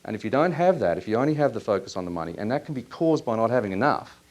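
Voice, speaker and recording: A man leading a live workshop in a seminar room, asking audience members lively questions. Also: fairly low pitch, rapid-fire. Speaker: workshop presenter.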